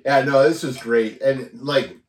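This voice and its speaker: A man's voice: medium pitch, measured pace. A man co-hosting a casual movie review chat, mostly chiming in with short agreeing replies and chuckles. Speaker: podcast co-host. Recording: roomy, distant mic.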